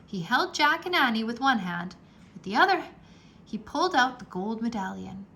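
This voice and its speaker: A woman reading a children's book aloud in a slow, animated storytelling manner, with a gravelly edge. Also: on the high side. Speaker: read-aloud narrator.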